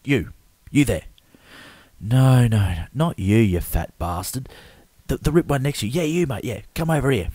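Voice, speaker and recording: A man jokes his way through an improvised sketch, with blokey banter and frequent stammers. His voice is husky and mellow, and he speaks into a close, dry mic. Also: medium pitch, lively intonation, moderate pace, no echo. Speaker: comedic host.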